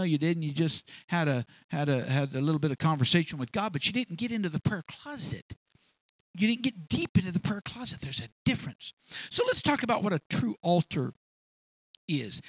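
Another folksy, repetitive sermon comes from a man whose voice is on the high side and a bit bright, recorded without echo. Tripping over words now and then, he acts out small scenes with different voices to illustrate his points.

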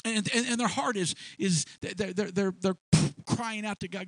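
A man's voice: high voice, normal speed, fairly bright tone, no echo, rough recording. A man preaching a sermon, repeating words often and acting out both sides of imagined conversations. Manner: repeats words, acts out dialogue in quoted voices.

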